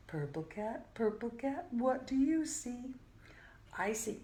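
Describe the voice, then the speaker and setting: An older woman reading a picture book aloud to young children, gentle and playful, often dropping to a soft whisper. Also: on the high side, sing-song, slow pace. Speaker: children's storyteller. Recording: echoey room with faint hiss.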